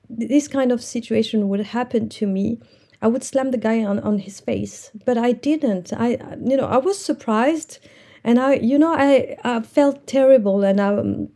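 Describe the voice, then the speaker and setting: A woman's voice: a little high, creaky, warm tone, husky. A woman, an entrepreneur, earnestly recounting a personal story from her working life.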